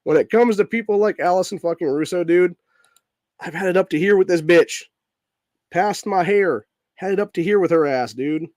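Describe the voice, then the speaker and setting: A man's voice: sits high, normal speed, darkish tone, dry recording, studio quality. A sick-sounding man hosting a political podcast, ranting angrily and swearing constantly, with "dude" at the end of nearly every line. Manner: profane, heated, says dude constantly. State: sick, voice messed up. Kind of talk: angry political rant.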